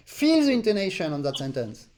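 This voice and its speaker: A man's voice: high-pitched, wildly swooping pitch, brisk. A man teaching an online accordion master class over a video call, in non-native English. He sings syllables to show the phrasing. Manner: explains with sung syllables to demonstrate phrasing.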